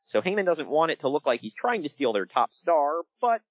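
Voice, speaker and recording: A male podcast host talks casually, his pitch rising and falling in a lively, animated way. The sound is dry and close, a little dull and lo-fi, and he slips into quick voices as he tells a story. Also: no room sound. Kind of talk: casual wrestling podcast chat.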